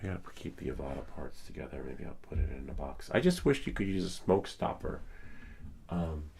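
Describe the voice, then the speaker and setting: Man, hoarse and very low-pitched with a gravelly rasp, rambling casual streamer chat. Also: sing-song, brisk, warm tone, a little hiss or hum. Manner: rambling, thinking aloud with many fillers. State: hoarse, losing his voice. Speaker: live streamer.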